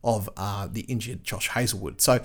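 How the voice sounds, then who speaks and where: An Australian man hosting a casual podcast, chatty and excitable, with lots of fillers and restarts. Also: fairly low pitch, normal speed. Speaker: podcast host. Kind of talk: casual cricket podcast chat.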